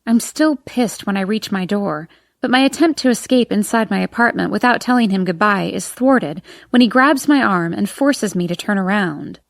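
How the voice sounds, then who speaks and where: A woman narrates a first-person audiobook with an expressive, emotional delivery. Her voice sits at a middle pitch. The recording sounds dry and close, with no room around it. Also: normal speed, gravelly, no room sound.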